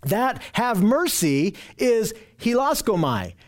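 A man's voice: sits high, sing-song, slow. A man teaching a Bible study lesson in an earnest way, often restarting his sentences.

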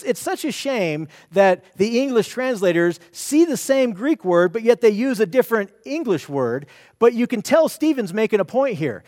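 High-voiced man preaching verse by verse. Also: a little mellow, no room sound. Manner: earnest teaching, frequent restarts and repeated words. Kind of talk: expository sermon.

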